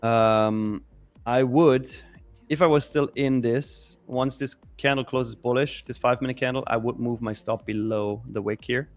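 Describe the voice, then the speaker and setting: An Indian-accented man co-hosting a live trading stream, easygoing and playful. His voice sits at an ordinary mid pitch as he calls out levels and cracks jokes, with faint music playing underneath. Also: fairly even intonation, unhurried. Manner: joking, calls out trade levels. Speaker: co-host of a live trading show. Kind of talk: casual live-stream market chat.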